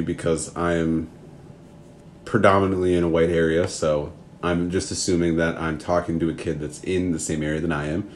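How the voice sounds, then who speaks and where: A man's voice: low-pitched, fairly even intonation, normal speed, a little mellow, slight background noise. A man from Minnesota giving an earnest, rambling spoken answer, full of restarts and asides.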